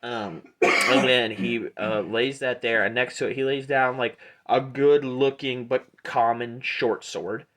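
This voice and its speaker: A man runs a tabletop game as game master, talking in an easygoing, rambling way full of ums and uhs. His voice sits at a middle pitch. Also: unhurried, noisy background. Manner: relaxed, rambling with many fillers.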